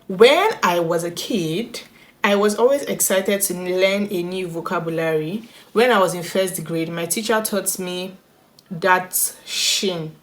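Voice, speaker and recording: A woman's voice: fairly low pitch, unhurried. A woman chats straight to her viewers with bouncy, restless energy, laughing between lines. She reads internet stories aloud and breaks off to comment on them. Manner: bubbly, chatty, laughs often, reads aloud. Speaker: YouTuber. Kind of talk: reaction storytime vlog.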